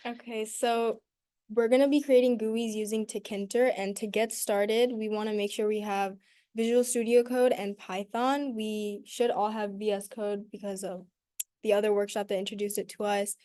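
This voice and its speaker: A young woman with a mellow, warm voice presents to her class in a student workshop. She gives plain, direct instructions in a matter-of-fact way. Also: mid-range voice, flat delivery, moderate pace. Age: young adult.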